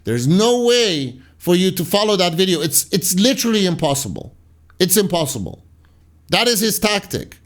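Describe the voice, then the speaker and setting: A man's voice: sits high, very animated, moderate pace. A man hosting a commentary channel, casually reading viewer comments aloud and answering them with rambling, sarcastic asides that trail off into mutters.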